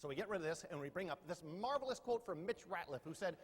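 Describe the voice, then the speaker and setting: Middle-aged male keynote speaker, high-pitched, playful and teasing, with long hall reverb. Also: lively intonation, fast, hardly any pauses, a little hiss or hum. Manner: joking, quizzes the audience. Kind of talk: humorous keynote talk. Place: large lecture hall.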